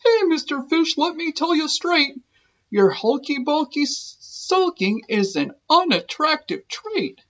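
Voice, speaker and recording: A woman's voice: sits high, very animated, unhurried, a bit bright, far from the mic, muffled recording, voice pushed up, heavily acted. A woman voicing a blunt, straight-talking male octopus in a children's storybook, lecturing frankly.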